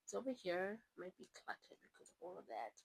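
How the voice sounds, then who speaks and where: A woman's voice: on the low side, big pitch swings, a little fast, vocal fry, breathy edge, dry recording, low-quality recording. A young woman from South Africa chatting casually about books she has read, rambling through asides. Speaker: book vlogger. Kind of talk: casual chat.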